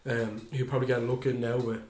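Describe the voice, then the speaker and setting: Man, animated football chat, echoey room. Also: fast, a little hiss or hum. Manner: animated, mimics players with sudden high voices. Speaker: podcast co-host.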